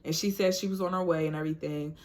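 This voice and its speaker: A young woman, telling a personal story in a casual vlog, animated and laughing often. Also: low voice, quick pace. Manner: animated, acts out quoted voices, laughs often. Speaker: vlogger.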